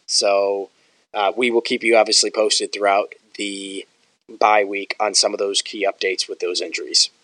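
Guy on a sports podcast, lowish voice, dry sound, says obviously a lot. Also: little pitch movement, normal speed, a bit bright, dry recording, poor audio. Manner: frequent "obviously" and "um" fillers. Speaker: podcast co-host. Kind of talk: casual sports podcast chat.

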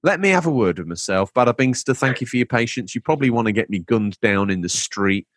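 A man's voice: medium pitch, lively intonation, fast talker, dry recording, clean studio sound. A man hosting a casual gaming podcast, joking and reading out listener messages. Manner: jokey, reads listener messages aloud. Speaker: podcast host.

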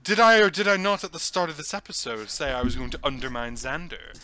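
A man's voice: on the high side, fast talker, bright, forceful tone. A man on a casual podcast, boastful and argumentative as he explains his reasoning. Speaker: podcast co-host.

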